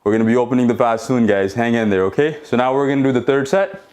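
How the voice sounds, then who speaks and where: A man's voice: medium pitch, quick pace, a little mellow. Male fitness instructor, home workout, supportive rep-counting coach who keeps asking "okay?". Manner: encouraging, checks in with frequent "okay?"; counts reps while exercising along.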